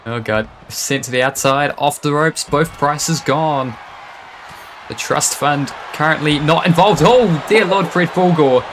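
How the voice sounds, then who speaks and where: A man calling a wrestling match live, excitable and quick to laugh and exclaim. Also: fairly high pitch, a little hiss or hum. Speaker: wrestling commentator. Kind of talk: live play-by-play commentary.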